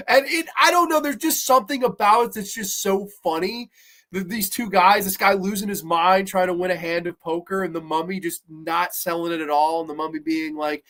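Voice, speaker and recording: Male podcast host, fairly high voice, loose and profane, rambling recap. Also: a little fast. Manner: animated, profane, rambling, many fillers and restarts. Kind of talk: casual horror TV review chat.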